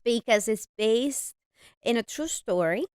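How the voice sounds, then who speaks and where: A woman with an accent heard as both Hispanic and Eastern European, co-hosting a podcast in an expressive, teasing way. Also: a little high, measured pace, clean tone, no room sound, studio quality. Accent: Eastern European-sounding Spanish. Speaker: podcast co-host. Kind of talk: casual chat.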